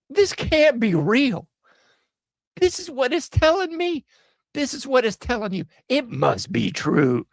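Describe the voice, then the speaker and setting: A male show host reacting to news clips with loose, slangy mockery, his voice swinging high and low as he talks. The sound is close and dry, with no room around it. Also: measured pace, gravelly, dry recording. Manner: animated, laughing, mocking, slangy. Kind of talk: casual commentary on news clips.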